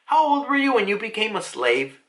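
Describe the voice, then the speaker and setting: A tiny, spirited girl with a scrappy, cheerful streak, as a woman puts her on while reading a comic aloud. The voice sits high and bright and swings around lively, like a storybook kid who fights back. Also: fairly quick. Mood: playful.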